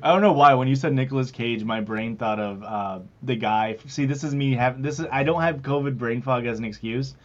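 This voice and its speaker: Brief: rambling, jokey podcast host, dull lo-fi mic. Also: male voice, medium pitch, fairly quick, hardly any pauses. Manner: rambling, jokey, plugs the show. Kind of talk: casual podcast chat. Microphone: wrong mic picked by the recording software.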